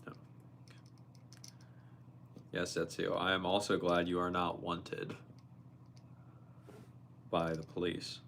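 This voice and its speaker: A young man hosts a casual livestream, reading out viewer messages and answering them on the fly. His voice sits low, with a gravelly fry and a bright, forceful edge. A faint noise runs underneath. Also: monotone. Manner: reads viewer messages aloud and reacts, quick and playful. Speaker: livestream host. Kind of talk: casual live-stream chat.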